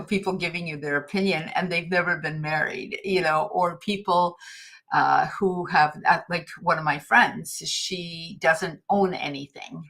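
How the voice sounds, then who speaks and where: A middle-aged woman with a fairly low, creaky, fairly bright voice hosts a livestream, giving a casual motivational talk. She's chatty and anecdotal, telling stories and laughing often.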